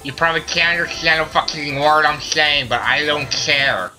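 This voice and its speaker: A man playing a video game and commenting, ranting loudly at his teammates in a put-on silly voice. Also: fairly high pitch, normal speed. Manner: loud, frustrated ranting at teammates. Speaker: let's play gamer. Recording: faint game music behind. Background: game music.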